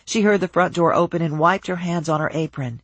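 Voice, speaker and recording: A measured audiobook narrator carries the story at an even pace. The voice is husky and close, recorded dry. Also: mid-range voice, dry recording.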